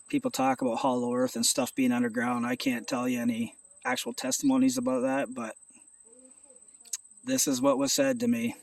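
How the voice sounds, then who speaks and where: Gravelly man, earnest rambling testimony. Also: medium pitch, recorded from a distance. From Ontario, Canada. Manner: earnest, rambling, repeats words. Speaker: believer sharing a testimony. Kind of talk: casual spoken testimony. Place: outdoors at a rural house. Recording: voice off from the mic.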